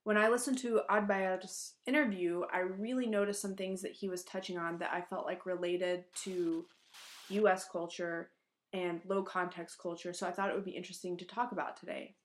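A woman's voice: on the low side, steady tone, moderate pace. American woman explaining a culture segment. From United States. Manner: explanatory, conversational. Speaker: podcast co-host.

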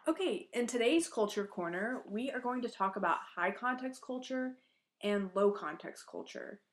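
A woman's voice: a little high, animated, moderate pace, faint music behind. A woman from the United States, a podcast co-host explaining a culture topic in a conversational way.

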